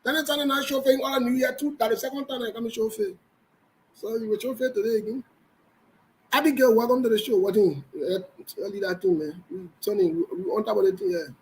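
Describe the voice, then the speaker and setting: A man's voice: very high-pitched, steady tone, quick pace, a little hiss or hum, rough recording. A man with a Liberian English accent hosting a live online show, greeting viewers by name in a loose, joking way. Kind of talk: casual livestream chat.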